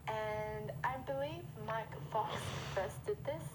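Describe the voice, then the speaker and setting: A woman's voice: medium pitch, slow pace. A young woman introducing her own video in a rambling, chatty way. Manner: rambling, filler-heavy. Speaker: vlogger in a played clip. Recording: loud background noise.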